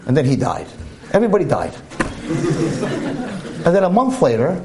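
A man's voice: on the high side, huge pitch swings, normal speed, background noise. A man giving a storytelling holiday sermon, humorous and preachy by turns. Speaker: speaker at a holiday talk.

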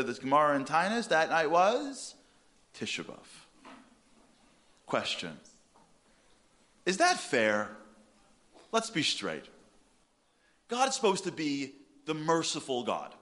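Animated man giving a comic sermon. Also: a little high, takes it slowly, long pauses. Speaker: speaker. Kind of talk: humorous sermon.

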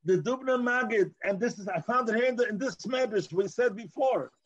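A man's voice: high-pitched, a little fast, dull audio. A man teaching a Torah class, explaining as he goes and mixing in Hebrew and Yiddish terms, with frequent restarts.

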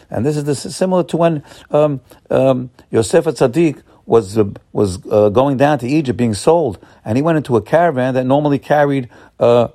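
Man preaching a halting, fervent sermon. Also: medium pitch. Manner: halting, many fillers, builds to excited emphasis. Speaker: rabbi. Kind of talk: holiday sermon.

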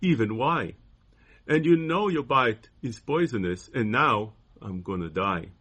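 Kind-hearted woman, as a man reads her lines, husky and plain. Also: mid-range voice, expressive, unhurried, fairly bright tone. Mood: dismayed. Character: tender-hearted kind woman, then frightened. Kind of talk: reading a poem aloud.

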